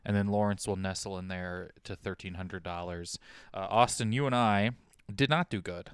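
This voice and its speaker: A male podcast host who talks casually and tosses off wry jokes. His voice sits low and sounds smooth and clean. The sound is dry and close, with no room echo. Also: steady tone, normal speed. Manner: wry, joking asides. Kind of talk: casual comedic podcast chat.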